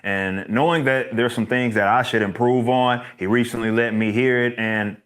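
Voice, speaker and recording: A man giving a measured, reflective apology to his audience in a recorded video. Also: mid-range voice, fairly even intonation, fairly bright tone. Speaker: business owner addressing his audience.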